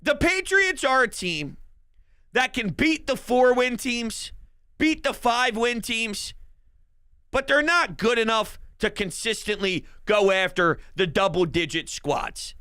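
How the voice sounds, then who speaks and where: Hyped high-voiced man talking sports. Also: animated, a little slow, smooth, dry recording. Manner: hyped, rambling, joking fan talk with shouted bursts. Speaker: sports podcast host. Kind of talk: excited sports talk monologue.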